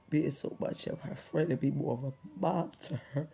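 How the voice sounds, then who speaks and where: A woman vlogger speaking softly and haltingly to her subscribers, holding back tears as she tells a personal story, often dropping near a whisper. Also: low voice, gravelly, slightly rough. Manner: soft, halting, often near a whisper, with many pauses and ums.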